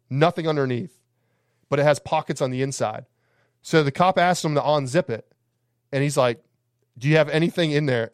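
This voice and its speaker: A man's voice: a little high, no echo, studio quality. A man, a campground owner, telling rambling, profane stories on a podcast. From Alabama. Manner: rambling, profane, laughing anecdotes. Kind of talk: casual podcast storytelling.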